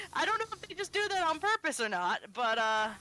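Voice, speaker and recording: Woman streamer telling stories, super bright voice, bouncy pitch, does little voices for the phone calls. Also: normal speed, a little hiss or hum, poor audio. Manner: animated storytelling, acts out phone calls. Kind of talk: casual chat while gaming.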